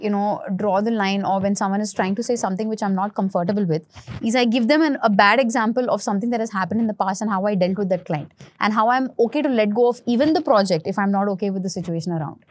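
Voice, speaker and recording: Fast-talking woman, frank and explanatory. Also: mid-range voice, no echo. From India. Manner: frank, explanatory, many "uh" and "you know" fillers. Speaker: interior designer and architect guest. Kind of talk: podcast interview, mixing Telugu and English.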